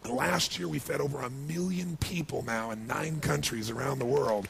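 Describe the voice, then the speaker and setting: Gravelly man telling an emotional story. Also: mid-range voice, moderate pace, a little hiss or hum. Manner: emotional, rising to excited passion. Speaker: motivational speaker. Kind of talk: motivational storytelling speech.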